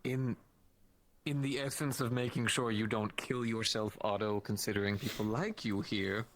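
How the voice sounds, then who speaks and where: Man, measured formal delivery, faint noise in the background. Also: on the low side, steady tone, fairly bright tone. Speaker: roleplayer. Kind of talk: in-character roleplay.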